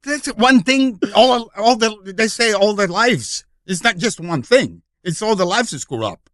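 A man as a podcast guest, thinking aloud in halting, restarting phrases. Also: high-pitched, animated, fairly bright tone, no room sound, clean studio sound. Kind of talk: casual podcast chat.

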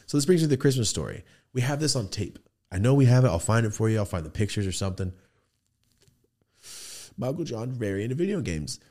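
A man's voice: medium pitch, big pitch swings, fast, dark tone. A man in his thirties hosting a podcast, telling a casual, profane story and acting out the quoted voices. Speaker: podcast host. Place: podcast studio.

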